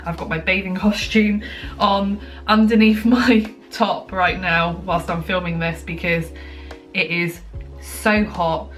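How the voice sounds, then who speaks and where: A woman's voice: lowish voice, fairly even intonation, slow, soft background music. A young woman chatting casually to camera at home, a little out of breath, rambling with lots of ums and likes. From United Kingdom. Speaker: vlogger. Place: at home, indoors.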